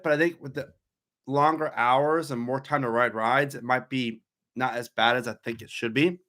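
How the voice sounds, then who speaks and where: A man in his thirties who runs a coaster-focused theme park YouTube channel reads viewer questions aloud during a live stream and answers them in a chatty, rambling way. His voice is fairly high, bright and forceful.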